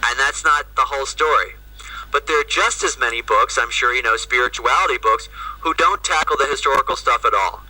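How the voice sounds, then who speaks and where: A priest gives a talk over a video call, his voice very bright and cutting. He sounds set back from the microphone, and the call audio comes through thin. He speaks conversationally, tossing in "right?" and "you know" as he explains. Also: mid-range voice, a little fast, distant mic, rough recording. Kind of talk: lecture to an audience.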